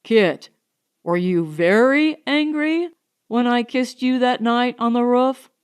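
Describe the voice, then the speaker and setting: Earnest young man in love, ardent, pleading, unhurried, read by a woman. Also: very high-pitched, clear, resonant tone.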